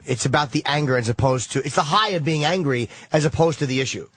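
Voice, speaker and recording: A man's voice: on the high side, quick pace, slight background noise. A man on an uncensored radio show, blunt and profane, picking apart the argument.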